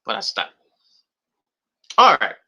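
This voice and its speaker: A man in his thirties hosts a podcast, talking slowly in a lo-fi recording. His casual chatter is rambling and profane, marked by many restarts and outbursts of shouting.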